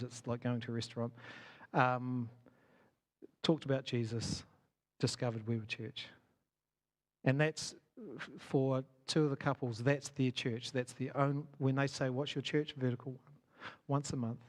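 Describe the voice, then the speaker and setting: A man giving a conversational talk to a church gathering as a church leader, asking the audience questions and poking fun at himself. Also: medium pitch. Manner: conversational, self-deprecating, asks the audience questions. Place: church hall.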